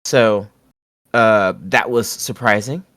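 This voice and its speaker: A man hosting a podcast, chatting casually in an animated way, swearing freely and often laughing. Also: fairly low pitch, slow pace, no room sound, clean studio sound. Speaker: podcast host. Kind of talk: casual wrestling review chat.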